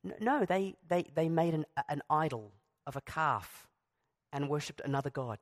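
A man preaching a sermon in a fairly high voice. He keeps it conversational, breaking off for asides and restarting sentences as he talks things through. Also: animated, moderate pace. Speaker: pastor.

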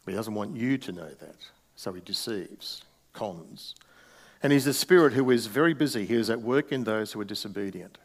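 A man's voice: on the low side, lively intonation, moderate pace. A middle-aged male pastor preaching a sermon in a conversational way, with wry asides.

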